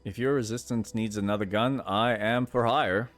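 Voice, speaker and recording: A man's voice: on the low side, normal speed, soft background music. A man giving casual, rambling commentary while playing a game. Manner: chatty, rambling, reacts aloud to the game. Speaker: gameplay streamer. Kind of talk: casual commentary over gameplay.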